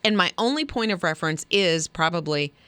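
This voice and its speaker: A woman co-hosting a morning radio show, chatting casually in a lively, quick way. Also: fairly low pitch, a loud crowd. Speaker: radio co-host. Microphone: studio microphone.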